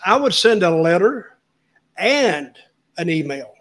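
A man's voice: sits high, big pitch swings, takes it slowly, fairly bright tone. A male podcast host chatting casually in a folksy, encouraging way. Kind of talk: casual chat.

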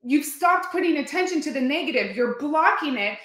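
Female workshop coach, bright high voice, earnest and repetitive, recorded in a reverberant room. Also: expressive, moderate pace. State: near tears at times. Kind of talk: motivational workshop talk.

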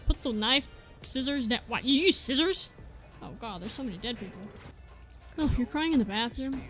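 High, lively woman gamer with game music. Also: moderate pace. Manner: chatty, jokey, talks to game characters. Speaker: gamer playing on video. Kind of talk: casual let's-play commentary.

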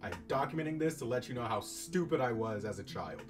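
A young man in college telling a story about his own past in a casual, animated, self-mocking way, swearing freely. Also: mid-range voice, a little fast. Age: young adult. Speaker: YouTuber. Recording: distant mic, faint guitar music behind.

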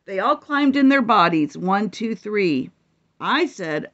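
Expressive woman reading a storybook. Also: mid-range voice, slow pace, highs cut off. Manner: expressive, gasping and whooping with delight. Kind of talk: reading a children's picture book aloud.

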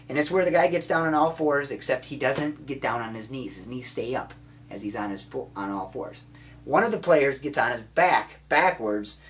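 A man and amateur filmmaker talking casually and enthusiastically about a film he loves, rambling with many restarts. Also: medium pitch. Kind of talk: casual spoken movie recommendation.

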